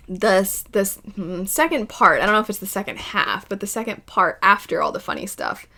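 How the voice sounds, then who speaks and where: A woman's voice: mid-range voice, fairly bright tone. Chatty woman vlogger, laughs often. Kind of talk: casual review vlog.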